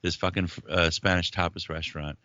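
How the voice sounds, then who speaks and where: A man hosting a podcast, telling stories in crude, profane, animated banter. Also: deep voice, fairly quick, no echo, dull audio. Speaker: podcast host.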